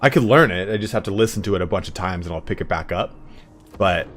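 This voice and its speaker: A man's voice: sits low, expressive, quick pace, fairly bright tone. Chatty young man streaming a game. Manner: rambling, chatty, swearing freely, filler words. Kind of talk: casual live-stream chat.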